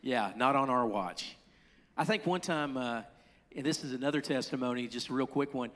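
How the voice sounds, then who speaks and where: A man pastor preaching in a conversational way, with quick asides to the congregation. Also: mid-range voice, fairly bright tone, a little hiss or hum. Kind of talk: sermon. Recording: long hall reverb.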